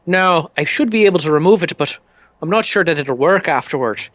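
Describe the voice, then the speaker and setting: A man's voice: fairly high pitch, lively intonation, fairly quick, fairly bright tone, dry recording, highs cut off, voice pushed up. A man voicing a polite, fussy middle-aged gunsmith in a tabletop game. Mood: courteous. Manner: polite, precise, shop-talk.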